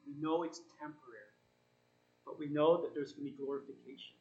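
A man giving an informal sermon, reading scripture and encouraging his listeners in an earnest, halting way with frequent self-corrections. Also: mid-range voice, steady tone, a bit bright, poor audio. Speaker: Bible study teacher.

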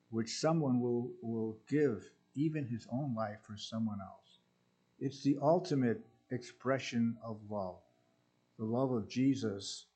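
A man preaching a sermon, hesitant with many pauses and restarts. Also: mid-range voice, a little mellow, husky.

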